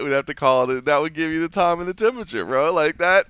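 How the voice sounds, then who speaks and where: A man's voice: a little high, fast, a bit bright, clear, resonant tone, no echo, clean studio sound. A middle-aged man co-hosting a podcast, talking in a laid-back, casual way, full of "like" and "man," and laughing easily. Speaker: podcast co-host. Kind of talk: casual chat.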